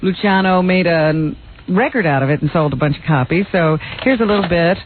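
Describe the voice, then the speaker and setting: A woman's voice: fairly low pitch, fairly quick, slight background noise. A woman co-hosting a radio show, reading the news in a chatty, giggly way. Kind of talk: casual news reading and banter. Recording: lo-fi phone-like radio recording.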